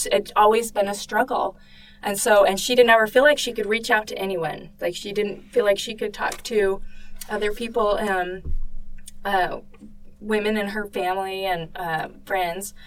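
A woman's voice: medium pitch, distant mic, rough recording. A woman in a casual book discussion, talking conversationally with many fillers and restarts.

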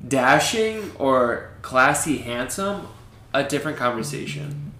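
A man's voice: medium pitch, big pitch swings, slow, bright, forceful tone. A man in his twenties co-hosting a podcast in casual chat, joking and playfully boastful. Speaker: podcast co-host. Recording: echoey room, faint background noise.

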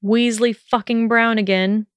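A woman's voice: on the high side, fairly even intonation, measured pace, smooth, no room sound, voice pushed up, lightly acted. Draco, a woman voicing a sneering wizard. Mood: demanding. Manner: sharp, demanding and mocking. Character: arrogant, sneering young male wizard.

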